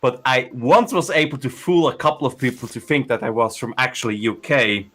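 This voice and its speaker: A man talking in a relaxed podcast chat at a middling pitch. He rambles, restarting his sentences and filling gaps with ums and uhs. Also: brisk. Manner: rambling with many restarts and fillers. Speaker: podcast co-host. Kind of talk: casual chat.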